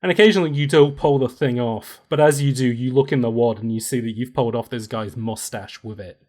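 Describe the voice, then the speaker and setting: A man's voice: medium pitch, brisk, a little mellow. A man running a tabletop game for a player, describing the scene in a loose, playful way. He laughs easily and keeps the story moving. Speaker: game master.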